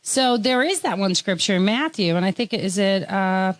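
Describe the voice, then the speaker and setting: A woman from Tennessee hosting a casual interview, chatty and quick to laugh. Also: mid-range voice, animated, no room sound. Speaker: host.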